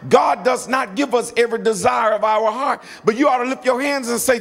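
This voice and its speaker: A middle-aged man with a high voice preaches a sermon in a church, his words trailing off into a long hall reverb. He drives points home by repeating phrases and urging the congregation to answer back. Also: brisk, creaky, few pauses, fairly bright tone, soft background music. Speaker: pastor.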